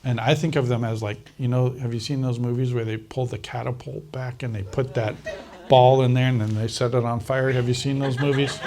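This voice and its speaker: This is a man recounting a personal story in a conversational interview. His pitch sits at an ordinary middle level for a man. He tells the story animatedly, acting out the other speakers' lines and breaking into laughter often. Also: fairly even intonation, fairly quick, darkish tone, slight background noise. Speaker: interview guest.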